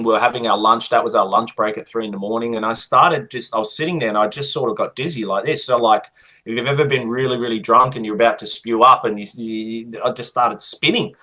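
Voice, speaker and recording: Man, Australian accent, interview guest, storytelling, animated, acts out dialogue, bright forceful voice. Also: medium pitch.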